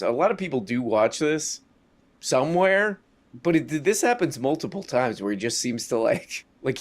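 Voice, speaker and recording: A man doing casual live-stream commentary over clips, sarcastic and rambling, with a mocking tone. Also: mid-range voice.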